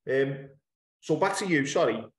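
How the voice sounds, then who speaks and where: A British man interviewing a guest in casual chat, opinionated and quick to agree. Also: medium pitch, lively intonation. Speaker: interviewer, host. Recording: echoey room.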